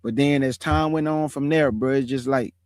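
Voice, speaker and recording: A man in his 40s gives a casual, slangy testimony to an online audience like a streamer, preachy and emphatic, repeating phrases in street talk. His medium-pitched voice is steady, a little mellow and smooth, at a moderate pace. The sound is dry and close, with no room sound.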